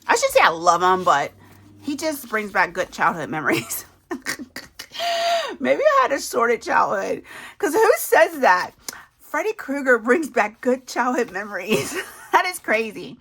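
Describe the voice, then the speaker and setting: A woman's voice: mid-range voice, sharp tone. A woman, chatting casually to viewers as she works through a savings challenge, laughing at herself as she goes. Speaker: budgeting video host.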